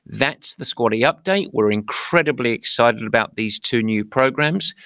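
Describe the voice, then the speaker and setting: A man's voice: medium pitch, lively intonation, moderate pace, sharp tone, clean tone, dry recording, clean studio sound. A British man hosting a podcast, talking playfully with theatrical mock indignation. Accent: British English. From England. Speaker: podcast host. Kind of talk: upbeat podcast monologue.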